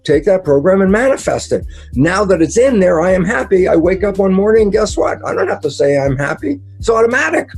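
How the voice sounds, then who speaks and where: A man's voice: high-pitched, brisk, soft background music. A man speaking as an interview guest. He explains his ideas with energy and acts out his own quoted conversations, stressing points through repetition. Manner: animated storyteller who acts out his own quoted dialogue; emphatic and repetitive, with occasional laughs and mild swearing.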